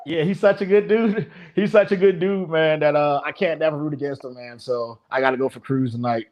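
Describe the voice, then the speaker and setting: A man's voice: on the high side, a little fast, a little mellow. A man who coaches fighters, telling stories in casual podcast chat and rambling with lots of fillers. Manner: rambling storyteller with many fillers. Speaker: martial arts coach.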